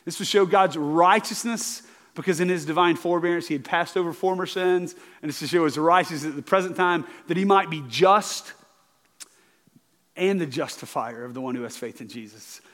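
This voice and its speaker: Earnest pastor in a reverberant hall. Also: male voice, fairly high pitch, moderate pace, a bit bright. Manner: earnest, repeats words, asks okay to the congregation. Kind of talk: sermon.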